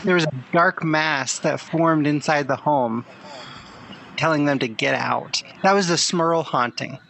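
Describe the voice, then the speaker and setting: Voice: medium pitch, unhurried, creaky, fairly bright tone, a little hiss or hum, rough recording. A podcast co-host in casual chat, easygoing and a little hesitant as they think aloud.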